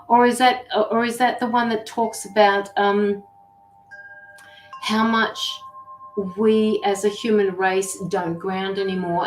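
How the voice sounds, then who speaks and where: A chatty, affectionate woman talks through a casual livestream as a tarot reader. Her voice sits at a middling pitch and carries a roomy echo. Faint music plays underneath. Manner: chatty and affectionate, fussing over her dogs. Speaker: intuitive tarot reader and medium. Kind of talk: casual livestream chat with viewers.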